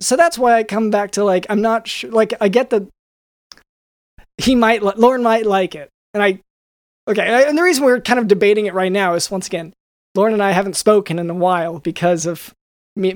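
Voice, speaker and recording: A man's voice: high-pitched, fairly even intonation, brisk, dry recording, clean studio sound. Rambling man doing a jokey podcast ad read. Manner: rambling, jokey, full of restarts and fillers. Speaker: podcast co-host reading an ad. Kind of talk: improvised comedic ad read.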